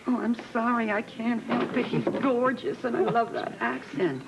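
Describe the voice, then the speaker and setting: A woman's voice: on the high side, steady tone, moderate pace, creaky. An actress playing a chatty, flustered woman who gushes and fusses, in 1980s soap opera acting. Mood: gushing. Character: chatty gushing middle-aged woman, nosy helper. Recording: dull lo-fi tape with background noise.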